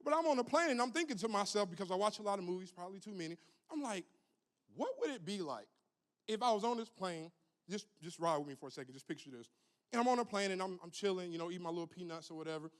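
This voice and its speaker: A young adult man preaching a lively, humorous youth sermon, calling on the crowd to repeat after him. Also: high-pitched, racing. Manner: animated, humorous, call-and-response with the crowd. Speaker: youth minister.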